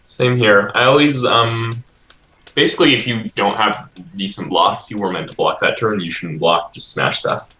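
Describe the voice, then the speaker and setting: A man's voice: lowish voice, normal speed, bright, forceful tone. A man giving laid-back, analytical co-commentary on a game match, hedging with ums. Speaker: esports co-commentator. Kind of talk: casual live-stream commentary. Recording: echoey room on a stream mic.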